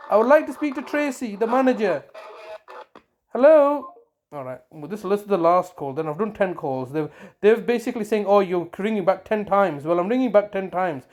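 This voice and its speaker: A man recording himself making phone calls, alternating sharp repeated hellos with an indignant, accusing monologue that stumbles over its words. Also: high-pitched. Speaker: vlogger recording his own phone calls.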